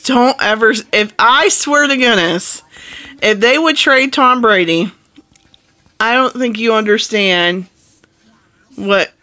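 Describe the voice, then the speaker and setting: Bright-voiced rambling woman vlogger. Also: on the high side, takes it slowly, long pauses. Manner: rambling, excitable, jokey. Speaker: family vlogger. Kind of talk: casual chat.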